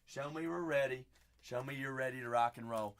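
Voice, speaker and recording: A man's voice: medium pitch, fairly quick. A man hosting a live card break stream, chatty and hyping up his viewers. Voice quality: raspy. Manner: chatty, hypes up viewers, shouts out names.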